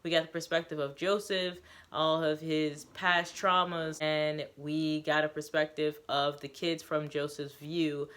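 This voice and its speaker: A woman reading her own novel aloud in a steady storytelling voice, pausing to recap the story in casual asides. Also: sits low.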